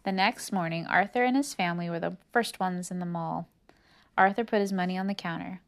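A woman's voice: fairly low pitch, a little fast. Woman reading a picture book aloud. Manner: expressive, chatting asides to a child. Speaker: reader to a child.

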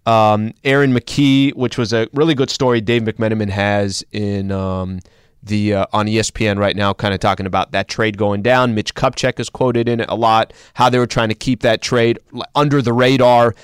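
A man's voice: fairly low pitch, fairly even intonation, moderate pace, clean tone, no room sound, studio quality. A man hosting casual sports talk, recounting games in a conversational way with fillers.

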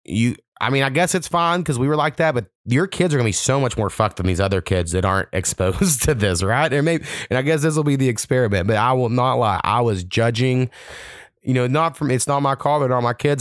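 A man's voice: medium pitch, brisk, no echo, studio quality. A man in his thirties hosting a solo podcast, telling casual, profane stories and acting out the people in them. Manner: profane, animated, quotes people in put-on voices. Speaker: podcast host.

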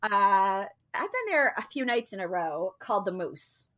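A woman's voice: mid-range voice, sing-song, measured pace, fairly bright tone. A woman telling a long story in casual chat, chatty and full of fillers and restarts. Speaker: co-host telling a travel story.

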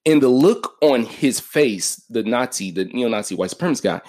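A man's voice: medium pitch, quick pace, few pauses. A man hosting a podcast, telling a story in casual chat, profane and full of fillers like "like" and "yo.". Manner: animated, profane, lots of "like" and "yo". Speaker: podcast host.

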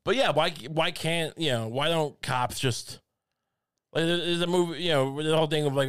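A man's voice: a little high, normal speed, fairly bright tone, smooth. A man co-hosting a podcast, rambling through comic tangents with lots of restarts and self-mocking jokes. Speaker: podcast co-host. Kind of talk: casual comedic chat.

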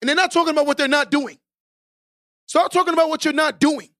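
A man with a strikingly high voice hosts a podcast and preaches motivation at the listener. He hammers his points home by repeating lines and climbs into shouted exhortations. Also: fairly even intonation, quick pace. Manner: emphatic and preachy, repeats key lines for stress. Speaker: podcast host.

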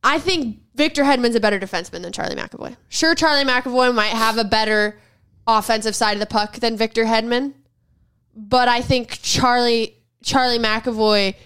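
A woman's voice: fairly high pitch, normal speed, fairly bright tone, clean tone. A woman co-hosting a casual sports podcast, bluntly arguing her hockey opinions and pushing back firmly. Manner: assertive and blunt, pushes back with firm opinions. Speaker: podcast co-host. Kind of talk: casual sports debate chat.

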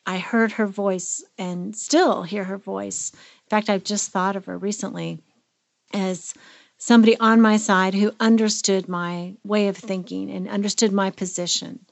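Gravelly-voiced female therapist, earnest. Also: medium pitch, fairly even intonation, a little slow, dry recording. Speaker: therapist and podcast co-host. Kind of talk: casual podcast conversation.

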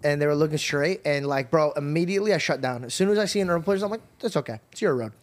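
A man hosting a podcast, telling stories in a lively, animated way with casual swearing. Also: on the high side, racing. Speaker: podcast host. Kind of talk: casual chat.

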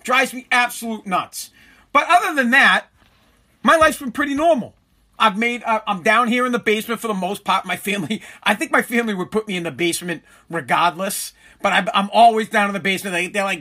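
A middle-aged man runs a loose, comic solo monologue into a studio mic at home. He rambles, swears freely and pokes fun at himself. His voice sits fairly high and carries a bright, ringing edge. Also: expressive, a little fast. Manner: rambling, profane, self-mocking. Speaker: radio show host. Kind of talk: casual comedic monologue.

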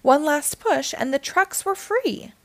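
Woman, children's book read-aloud, high lively voice, dry close sound. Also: takes it slowly, no room sound. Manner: sing-song, expressive storytelling. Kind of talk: reading a picture book aloud.

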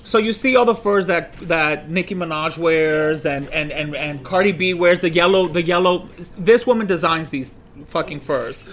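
A man, a guest on a podcast, telling stories in animated casual chat, laughing often and a little tipsy. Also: fairly high pitch, moderate pace, slight background noise. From Washington Heights, New York.

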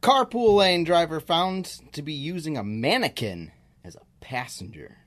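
A man's voice: a little high, very animated, normal speed, fairly bright tone. A man co-hosting a casual comedy podcast, reading news and chatting easily. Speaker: podcast co-host.

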